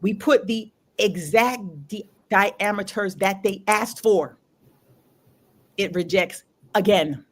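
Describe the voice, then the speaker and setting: A woman hosting a casual talk show, telling a long story in an animated way, repeating phrases for emphasis and swearing freely. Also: medium pitch, slow pace. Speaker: show host.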